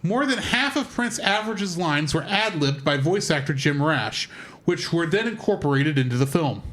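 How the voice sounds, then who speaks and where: A man co-hosting a film podcast reads a plot summary and some trivia aloud, keeping a steady pace but making small slips. His voice is a little high.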